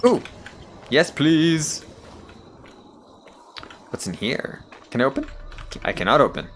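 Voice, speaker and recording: A man's voice: medium pitch, wildly swooping pitch, a little fast, a bit bright, a little hiss or hum. A young man giving profane, sarcastic let's-play commentary while gaming. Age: young adult. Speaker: gamer.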